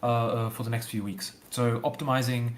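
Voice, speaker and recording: A man's voice: medium pitch, level tone, normal speed, slight background noise. Rambling man explaining on a livestream. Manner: thinks aloud, rambling with repeated fillers. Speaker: game developer. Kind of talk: casual livestream chat.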